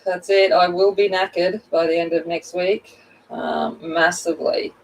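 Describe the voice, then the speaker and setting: A woman's voice: on the low side, fairly even intonation, a little slow, vocal fry, distant mic, slight background noise, rough recording. A middle-aged woman chatting casually while she colors on a livestream, greeting viewers by name and laughing at herself. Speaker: coloring channel host.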